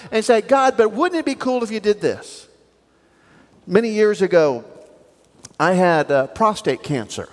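A middle-aged man preaching a sermon as a pastor, telling stories in an animated way and acting out the voices in them. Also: high voice. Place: church sanctuary. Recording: long reverb of a church hall.

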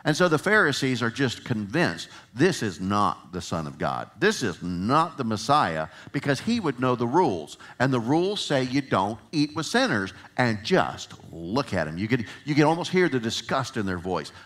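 A man's voice: mid-range voice, sing-song, moderate pace, few pauses, a bit bright. A man preaching a sermon in a conversational way, chuckling at times and building to emphatic passages.

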